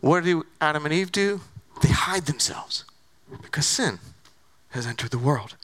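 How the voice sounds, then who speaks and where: A male pastor preaching a sermon in an animated, conversational way, full of rhetorical questions. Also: a little high, a little slow.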